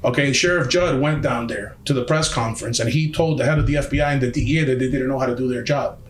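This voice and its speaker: A man's voice: mid-range voice, quick pace, roomy sound. A man telling a story on a podcast in a heated, emphatic way, swearing often. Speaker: podcast guest. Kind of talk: casual storytelling.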